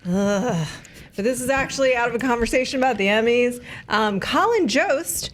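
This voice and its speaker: A woman's voice: fairly high pitch, expressive, normal speed. A woman hosting a casual entertainment panel chat, playful and teasing, laughing often. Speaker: show host.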